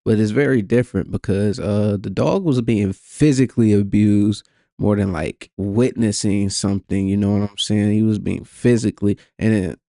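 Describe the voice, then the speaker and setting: A man commentating casually on clips, blunt and profane, saying he is high. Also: steady tone, moderate pace, creaky, mellow, dry recording, studio quality. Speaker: reaction streamer.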